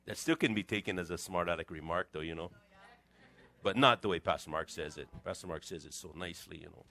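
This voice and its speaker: A middle-aged man, preaching a conversational sermon as a pastor with animated, joking asides to his congregation. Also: deep voice, fast. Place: church sanctuary.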